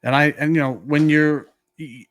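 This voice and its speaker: Speaking at a normal speed in a slightly high voice, a New Yorker co-hosting a podcast animatedly tells a story. He acts out quoted lines and leans heavily on "like," captured with studio quality and no echo.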